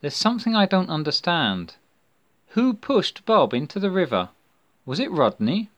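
A woman's voice: fairly low pitch, very animated, normal speed, dull audio, pitched above the performer's own voice. A man voicing an anxious, questioning young girl in a storybook reading. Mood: puzzled.

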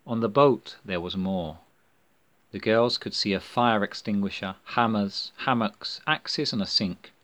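A man reading a children's storybook aloud. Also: lowish voice. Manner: slow, expressive reading. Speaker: narrator. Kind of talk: storybook narration.

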